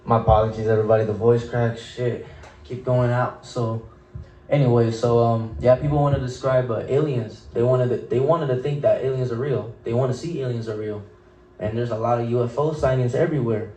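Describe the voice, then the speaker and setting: A young man hosts a casual podcast and rambles through his stories in loose slang, restarting his sentences. His voice is dark and mellow. He sits back from the mic in a roomy, echoing space. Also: medium pitch, normal speed, far from the mic, dull audio. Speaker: podcast host.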